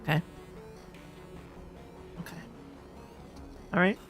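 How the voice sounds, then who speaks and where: A man's voice: takes it slowly, fairly bright tone, dry recording, soft background music. A young man streaming a game live, rambling with goofy mock threats and repeated phrases. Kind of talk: live gameplay commentary.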